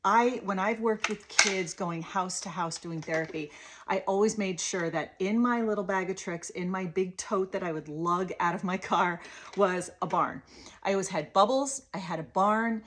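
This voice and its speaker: A woman's voice: mid-range voice, normal speed. Woman coaching parents on toddler talk. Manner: sing-song, animated demo voice for toddlers. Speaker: speech-language pathologist. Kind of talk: parent coaching lesson with toy demo.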